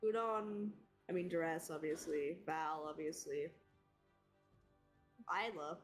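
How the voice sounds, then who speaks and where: A woman's voice: sits low, slow pace, soft background music. Giggly, rambling woman at a game table. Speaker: streamer and tabletop game player. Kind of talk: casual tabletop game chat.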